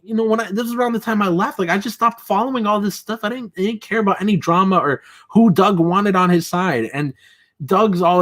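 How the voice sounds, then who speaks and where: Animated male livestream host. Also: high-pitched, a little fast. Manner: animated, laughs often, mimics callers. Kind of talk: casual livestream chat, reading chat comments.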